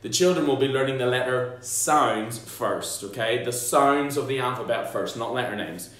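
A man's voice: medium pitch, normal speed, fairly bright tone. A man, a primary school teacher, explaining phonics to parents in a playful, jokey way and sounding out letters and noises aloud. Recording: very echoey room.

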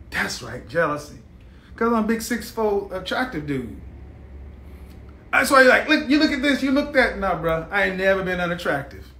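A man's voice: high voice, fairly bright tone, roomy sound. A man hosting a live stream, ranting in a blunt, mocking, combative way.

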